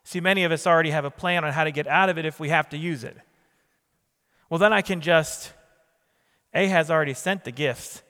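A man preaching with emphatic repetition and questions thrown to his congregation. His voice sits fairly high for a man. Long reverb trails each phrase, as in a big church sanctuary. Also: brisk, pauses often, pushed and bright. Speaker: pastor. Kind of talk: sermon.

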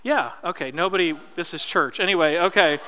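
A man's voice: high voice, a little fast, bright, forceful tone, a little hiss or hum. A man in his thirties from New Jersey, preaching a sermon in casual, story-driven talk with asides to the congregation. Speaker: pastor. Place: church hall. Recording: reverberant church hall.

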